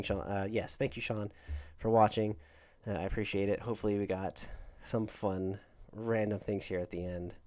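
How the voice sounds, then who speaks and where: A man from Georgia with a Southern accent hosts a relaxed livestream. His voice sits a little low, and he rambles on as he talks to his viewers. He keeps stopping to thank them. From Georgia, USA. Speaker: livestream host. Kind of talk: casual livestream chat with viewers.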